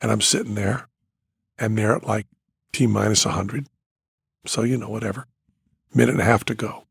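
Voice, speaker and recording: An older man tells a story on his podcast with a gravelly, husky voice. He is animated and swings from hushed asides to near-shouting. The sound is dry and close to the mic. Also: on the low side, moderate pace, no echo. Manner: animated, swings from quiet to near-shouting when acting out panic. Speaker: podcast host, magician and comedian.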